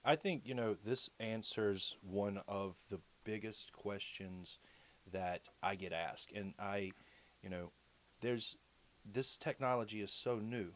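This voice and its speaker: A man's voice: on the low side, slow. A man from the clinic joining the interview, explaining things with many restarts. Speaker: clinic representative. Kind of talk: casual interview.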